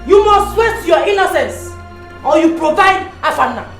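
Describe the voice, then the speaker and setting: A woman's voice: extremely high pitch, expressive, normal speed, soft background music. A fierce, defiant royal mother. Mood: insistent. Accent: Nigerian. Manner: defiant and scolding. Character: fierce royal mother pushing her son. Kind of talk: Nollywood film acting.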